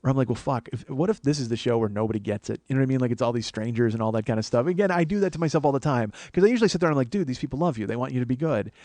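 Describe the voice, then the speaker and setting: Rapid-fire with few pauses, a medium-pitched man speaks in a dry recording. The comedian and podcast host, in his forties, gives a profane, exasperated, animated retelling of a funny story as a casual monologue.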